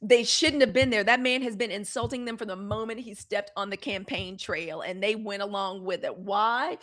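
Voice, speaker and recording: A middle-aged woman hosting a live news commentary show, blunt and animated, swearing and answering viewer comments from the chat. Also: mid-range voice, moderate pace.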